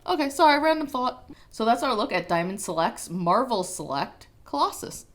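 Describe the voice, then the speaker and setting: A young adult woman co-hosting a toy review show, joking and chatting in a lively, casual way. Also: a little high, normal speed. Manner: playful, joking and animated.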